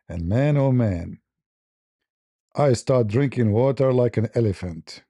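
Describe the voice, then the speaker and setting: Gravelly dark-voiced man chuckling through a story. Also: medium pitch, animated, a little slow, no echo. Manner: chuckling, broken English, many restarts. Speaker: host. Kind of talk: casual storytelling on a live stream.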